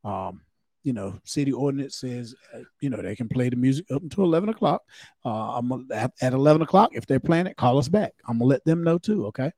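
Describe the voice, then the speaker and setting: A man's voice: medium pitch, lively intonation, fast talker, mellow, dry recording, clean studio sound. A man, a former cop turned comedian, co-hosting a podcast in loose, profane, casual chat and acting out voices.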